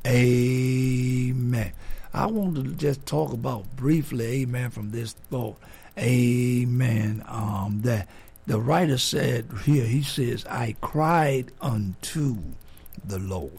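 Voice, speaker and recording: A man preaching a sermon, starting low and quiet and building to a loud, raised delivery, peppering his lines with "amen.". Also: creaky, breathy edge.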